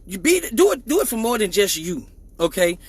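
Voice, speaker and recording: Male livestream host, high husky voice, mock-serious comic sermonizing. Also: sing-song, brisk, no echo, poor audio. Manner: joking mock-serious preaching, loud bursts of laughter. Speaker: live show host. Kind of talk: crude comedic live stream chat.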